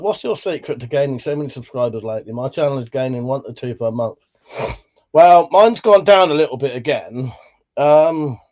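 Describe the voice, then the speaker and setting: A man with a Buckinghamshire accent hosting a livestream, reading out chat in a relaxed, sweary way, laughing often, his voice slightly worn. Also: fairly high pitch, dull audio. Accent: Buckinghamshire English. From England. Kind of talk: casual chat.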